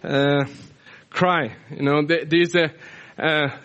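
A man's voice: on the high side, flat delivery, takes it slowly, a bit bright, lo-fi sound. A man from South America preaching a sermon in a conversational, explanatory way with frequent restarts.

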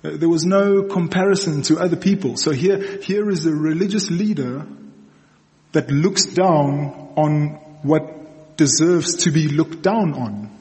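A man's voice: fairly high pitch, unhurried, dark tone. A young adult man giving a sermon in a conversational storytelling manner, checking in with the audience often. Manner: conversational storytelling, frequent okays and restarts. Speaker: preacher. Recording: long reverb in a large hall.

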